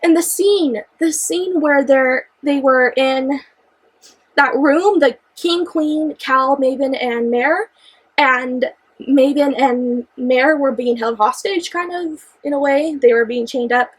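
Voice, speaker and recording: A young book reviewer with a high voice chats casually and excitedly about a book she loves, gushing and exclaiming. When she gets worked up she trips over repeated phrases. She speaks slowly, and the audio quality is poor.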